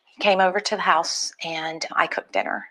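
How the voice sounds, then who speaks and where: A woman's voice: lowish voice, very animated, normal speed, fairly bright tone, poor audio. A woman recalling family events in a documentary interview, reflective and sometimes acting out what was said.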